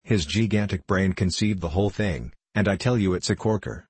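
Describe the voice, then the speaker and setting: A man's voice: sits low, brisk, a little mellow, husky, dry recording. A man doing a slangy March Hare. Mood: chummy. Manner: slangy, chummy.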